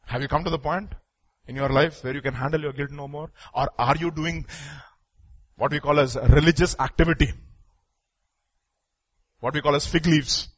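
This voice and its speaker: A man preaching a fiery sermon in a fairly high voice. He swells to loud, urgent peaks and then drops to a soft, pleading hush. The delivery stays earnest and driven throughout. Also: steady tone, moderate pace, long pauses, slightly rough. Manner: impassioned, swings from loud urgent bursts to hushed pleading.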